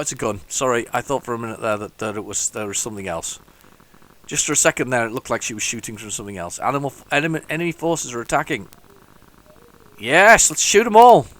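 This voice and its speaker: A man hosting a retro gaming channel, rambling through casual gameplay commentary, thinking aloud with many restarts and bursts of excitement. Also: on the high side, no room sound. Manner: excitable bursts over the game.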